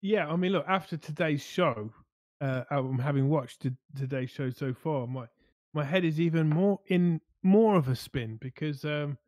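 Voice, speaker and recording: A man's voice: a little high, moderate pace, a little mellow, no echo. A man co-hosting a casual hobby chat show, rambling and restarting his sentences as he weighs his options. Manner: rambling, hesitant, many restarts. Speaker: co-host.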